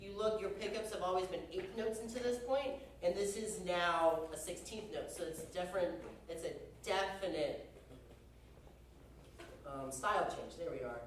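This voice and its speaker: Heard from far away in a very echoey hall, a young man runs a band rehearsal, joking and chatting as he instructs the players, with plenty of "y'all." His voice sits high, at a moderate pace, with a little hiss or hum.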